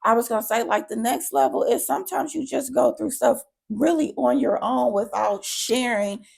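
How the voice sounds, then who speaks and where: Gravelly-voiced woman podcast co-host. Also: on the high side, animated, moderate pace, darkish tone. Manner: reflective, thinks aloud. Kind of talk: casual chat.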